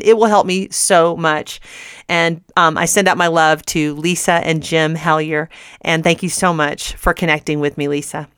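A woman's voice: on the low side, normal speed, clear, resonant tone, no room sound, clean studio sound. A middle-aged woman hosting a Christian radio show, telling a personal story earnestly and often laughing mid-sentence.

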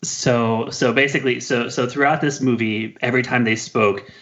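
A man's voice: medium pitch, steady tone, moderate pace, fairly bright tone, lo-fi sound. A man co-hosting a film review podcast in casual chat, teasing his co-host playfully and laughing often.

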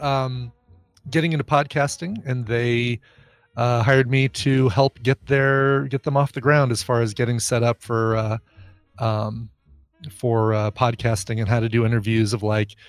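A man's voice: medium pitch, no room sound. Playful guy cohost, teasing, goofy beep boop noises, dry close sound. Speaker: podcast co-host. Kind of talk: casual chat.

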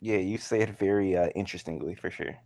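A young man co-hosting a podcast, an animated storyteller who laughs often. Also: low-pitched, quick pace, dry recording. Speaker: podcast co-host. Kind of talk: casual chat.

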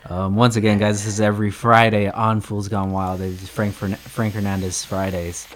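Easygoing male podcast host with a lowish voice, gently prompts his guest. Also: flat delivery, moderate pace. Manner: easygoing, encouraging interviewer. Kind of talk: casual interview.

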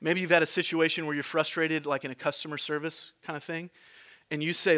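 A man delivers a sermon in a fairly high, forceful and bright voice. He keeps it conversational, tossing quick questions and asides to the congregation as he preaches. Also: flat delivery. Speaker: pastor.

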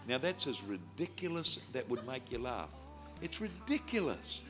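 Evangelist with music behind. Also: male voice, medium pitch. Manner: animated storyteller, acts out voices, ends in loud fervent prayer. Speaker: evangelist preacher. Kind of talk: sermon with storytelling and prayer. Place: stage before a crowd.

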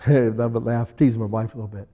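A man preaching a sermon as pastor, acting out people in little scenes with lively energy. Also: mid-range voice, fast, long reverb tail. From USA.

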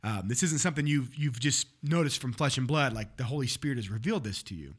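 A man's voice: mid-range voice, expressive, fast, breathy edge. A man, a pastor, chatting casually on a podcast as he recaps a sermon, with frequent restarts. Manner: conversational, with restarts and light laughs.

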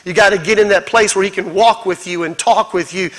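Male pastor, very high and sharp-toned, rhythmic and fervent sermon delivery. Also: steady tone, brisk, poor audio. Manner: builds to shouted, fervent preaching; repetitive rhythmic exhortation.

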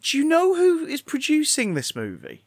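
A man co-hosting a podcast, chatting casually, swearing freely and getting loudly excited as he goes. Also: very high voice, moderate pace, no room sound, clean studio sound. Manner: animated, swears freely, breaks into exaggerated excited outbursts. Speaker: podcast co-host.

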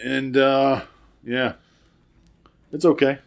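A man's voice: medium pitch, flat delivery, slow, gravelly. A man co-hosting a casual podcast, reviewing a beer and laughing often between his lines. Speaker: podcast co-host.

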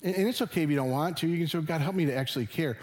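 A man's voice: a little high, very fast. Earnest middle-aged male pastor preaching. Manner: earnest, conversational preaching with rising emphasis. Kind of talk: sermon. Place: church sanctuary.

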